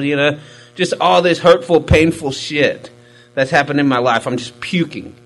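A man's voice: on the high side, normal speed, poor audio. A man giving a candid, profane personal testimony in a rambling, self-mocking way, full of fillers. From Hispanic military family background. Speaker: recovery storyteller.

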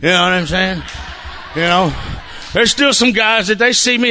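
A man with a bright, forceful voice pitched a little on the higher side gives a recovery meeting testimony. He talks casually and bluntly, swears freely, and keeps checking in with his listeners. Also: normal speed, gravelly, a little hiss or hum. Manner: casual, profane storytelling with frequent "you know what I'm saying". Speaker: speaker sharing his recovery story.

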